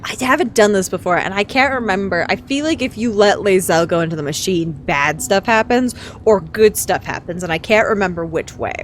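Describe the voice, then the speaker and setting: A woman's voice: mid-range voice, animated, fairly quick, hardly any pauses, a little hiss or hum. A woman streaming a game live, chatty and self-mocking, laughing often as she comments.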